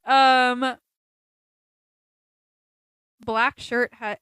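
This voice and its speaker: A woman co-hosting a casual podcast, telling stories in an animated way and quoting people as she goes. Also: fairly high pitch, drawn-out words, smooth. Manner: animated storytelling, quotes people in put-on voices. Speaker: podcast co-host. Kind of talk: casual chat on a livestreamed podcast.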